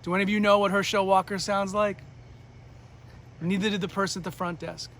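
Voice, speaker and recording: A man from New Hampshire giving a storytelling speech as a motivational speaker, lively and acting out the people in his story. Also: sits high, fairly quick, pauses often. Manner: animated, acts out the voices of people in his story.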